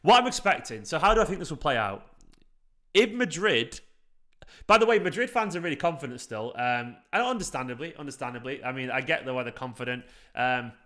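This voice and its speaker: Bright-voiced excitable male stream host. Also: medium pitch, fairly quick. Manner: chatty, excitable, swears casually. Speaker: football fan channel host reading live chat. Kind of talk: casual live-stream chat.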